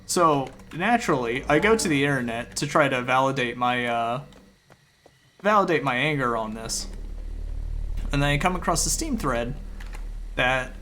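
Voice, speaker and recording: A man's voice: mid-range voice, lively intonation, normal speed, pauses often, bright, forceful tone, slight background noise. A man streaming a game, recapping his frustration in a rambling, exasperated way, often acting out his own thoughts. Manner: rambling with fillers and repeated phrases. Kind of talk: casual ranting recap of a game.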